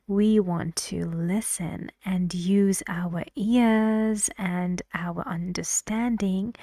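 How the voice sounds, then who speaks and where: A woman teaches English pronunciation step by step. Her delivery is slow and deliberate. The sound is dry, with no room around it. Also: medium pitch, a little mellow, no echo. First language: Persian. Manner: slow, deliberate, demonstrates by humming and shadowing. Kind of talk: pronunciation lesson.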